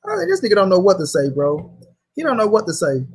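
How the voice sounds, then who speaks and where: Guy ranting on his stream, pretty high voice, cussing a lot, reads out chat. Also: wildly swooping pitch, fast talker, husky. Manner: heated, profane, reads chat aloud. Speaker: host. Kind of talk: casual livestream commentary.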